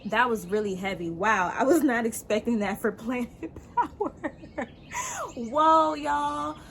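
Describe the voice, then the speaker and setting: A woman hosting her show, chatting casually to camera in an excitable way, laughing and addressing her viewers as "y'all.". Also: on the high side, measured pace, a little hiss or hum. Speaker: host.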